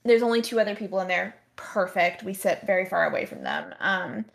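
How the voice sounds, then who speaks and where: A woman's voice: medium pitch, brisk, vocal fry. A young woman guest on a podcast, telling a rambling story that is full of "like.". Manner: rambling, heavy on "like". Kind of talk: casual storytelling.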